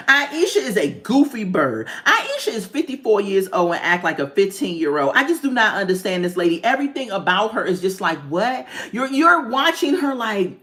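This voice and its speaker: A woman talks through a reality episode in a sassy, animated way. Her voice swings widely in pitch, and she laughs and jokes as she recaps it for her viewers. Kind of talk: casual commentary.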